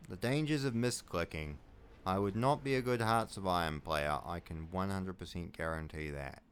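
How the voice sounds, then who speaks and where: A man with a New Zealand accent giving casual commentary while playing a strategy game, muttering to himself and swearing loudly when things go wrong. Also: low-pitched, clear, resonant tone. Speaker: video game let's player.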